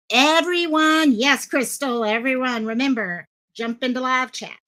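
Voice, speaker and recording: Chatting casually with her stream audience, a woman greets viewers by name and rambles, leaning heavily on fillers. She has a medium-pitched voice, bright and forceful, and broadcasts from a home setup in Hawaii with a headset mic at her desk.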